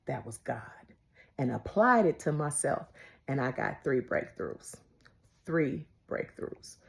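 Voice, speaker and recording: A woman preaching a devotional sermon, emphatic and repetitive, moving between loud declarations and hushed whispers. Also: low-pitched, wildly swooping pitch, slow, gravelly. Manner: repeats phrases for emphasis.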